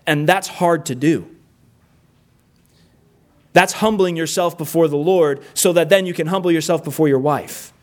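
A man's voice: on the high side, moderate pace, pauses often. Earnest man preaching a sermon. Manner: earnest, emphatic lists, repeats key phrases. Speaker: pastor. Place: church room with a congregation.

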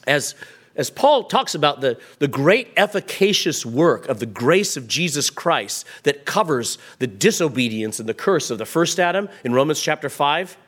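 A man preaching a sermon into a microphone, building from quiet explanation to raised, emphatic passages. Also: medium pitch. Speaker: pastor. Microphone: microphone at a pulpit.

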